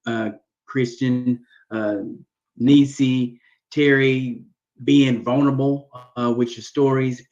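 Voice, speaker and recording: A man hosting a book talk show, thanking guests enthusiastically with many fillers. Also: mid-range voice. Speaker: host. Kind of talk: casual chat. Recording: dull lo-fi audio.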